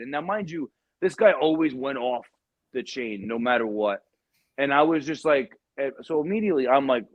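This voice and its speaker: A man telling a story in casual podcast chat, acting out shouted lines from the people in it. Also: medium pitch, normal speed, no room sound, dull audio. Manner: animated storyteller, acts out shouted quotes. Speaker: podcast guest, Marine veteran.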